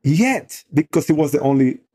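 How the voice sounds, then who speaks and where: A man's voice: a little high, expressive, moderate pace, mellow, slightly rough. A middle-aged man leading a youth outdoor program, telling a story in a loose, conversational way with lots of "you know" fillers.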